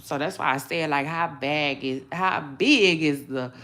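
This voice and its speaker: Chatty gossip host, animated and laughing. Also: female voice, low-pitched, unhurried. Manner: chatty and animated, laughing, with many fillers and restarts. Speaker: gossip vlogger. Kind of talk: casual celebrity gossip commentary.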